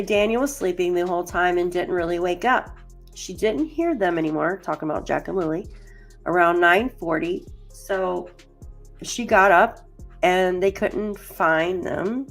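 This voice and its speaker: A middle-aged woman hosting a true crime channel, rambling and emotional with lots of fillers as she reads through case documents. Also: fairly low pitch. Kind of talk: casual chat reading case documents.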